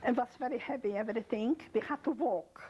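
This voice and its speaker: An older woman giving a halting oral history testimony in an interview, speaking in non-native phrasing and quoting the people in her story. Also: fairly high pitch, warm tone, lo-fi sound, a little hiss or hum.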